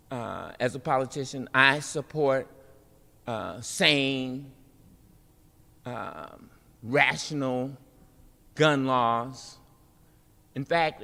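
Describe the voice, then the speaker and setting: A woman performing spoken-word poetry with rhythmic, emphatic refrains and dramatic pauses, then speaking informally at a festival event. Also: extremely low pitch, vocal fry, fairly bright tone. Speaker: poet and city politician speaking at a festival. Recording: long reverb of a large hall.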